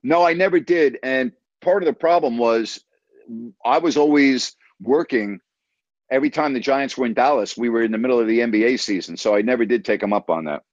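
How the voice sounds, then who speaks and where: A man from New York, a TV sports announcer, telling an animated story in casual conversation and acting out the quotes. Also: medium pitch, brisk, no echo, muffled recording. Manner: animated anecdote teller, acts out quotes.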